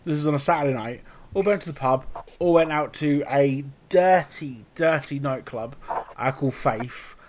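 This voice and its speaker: A young man spins a rambling story on a podcast, jumping into different voices for the people in it. His voice sits a little high, and he talks with loose, swearing energy. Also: moderate pace, slight background noise. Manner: animated, swearing, acts out quotes. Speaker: podcast host. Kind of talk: casual storytelling chat.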